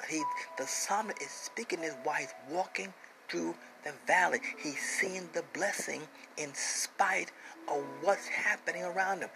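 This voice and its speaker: A man preaching a sermon, emphatic, repeating phrases and dropping into hushed whispers. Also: a little high, gravelly, background noise.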